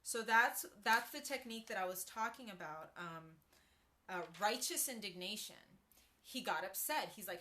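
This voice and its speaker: A woman's voice: medium pitch, lively intonation, moderate pace, sharp tone. A woman talking casually to her viewers on a live stream, chatting through a story with asides and greetings to people joining. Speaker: livestreamer.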